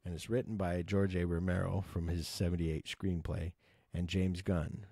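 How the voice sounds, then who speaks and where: Deep, dark-voiced man rambling about movies. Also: level tone, normal speed, creaky, no room sound, studio quality. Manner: rambling, sweary, enthusiastic, with many fillers. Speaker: movie podcast host. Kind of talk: casual movie chat.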